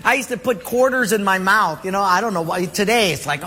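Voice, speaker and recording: A man's voice: high voice, expressive, brisk, sharp tone. A man preaching a sermon as a pastor, telling jokey stories and laughing along with them. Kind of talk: humorous sermon storytelling. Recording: long hall reverb, faint background noise.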